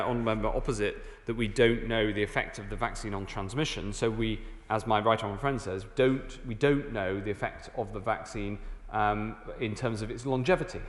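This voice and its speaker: A man, a government minister, giving a parliamentary statement in a halting way, full of uh and um. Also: fairly low pitch, fairly bright tone. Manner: halting, filled with uh and um. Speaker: government minister answering MPs. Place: large debating chamber, indoors. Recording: echoey chamber with long reverb.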